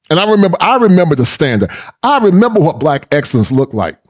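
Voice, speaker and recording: A man's voice: a little high, sing-song, quick pace. Man, preachy reaction host, repeats himself, muffled lo-fi audio. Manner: preachy, repeats words, mocking impressions. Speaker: commentary channel host reacting to clips. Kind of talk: reaction commentary.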